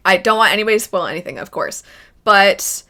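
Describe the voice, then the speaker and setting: A woman chatting through her first reactions in a casual vlog. Her voice is bright and forward, her delivery animated and conversational, and she often slips into playful character voices. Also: medium pitch, fast talker. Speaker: anime reaction vlogger.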